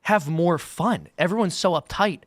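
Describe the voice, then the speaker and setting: A man's voice: high voice, normal speed, no room sound. A man co-hosting a casual studio panel chat with wry, teasing banter. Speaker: panel co-host. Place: podcast studio.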